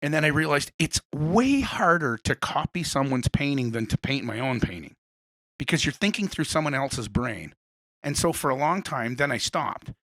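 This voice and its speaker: A man hosting a casual interview, telling rambling animated stories. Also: fairly high pitch, normal speed, dry recording. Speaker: podcast host.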